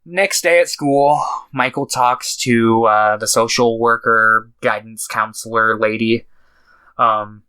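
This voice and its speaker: A young man retells a film plot in a loose, casual podcast chat, dropping swears and quoting the characters as he goes. His voice is bright and forward, with a smooth, clean tone. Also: mid-range voice, steady tone, slow pace, poor audio. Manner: loose, profane retelling with quoted lines. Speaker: podcast co-host. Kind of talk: casual movie recap.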